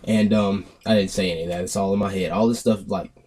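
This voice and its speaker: A young man telling a casual storytime monologue, rambling and animated, acting out what people said to him. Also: low voice, quick pace. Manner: rambling, animated retelling with acted-out quotes.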